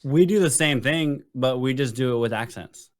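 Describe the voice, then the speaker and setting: A man's voice: mid-range voice, normal speed. A man co-hosting a podcast, chiming in with joking interjections. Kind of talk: casual interview.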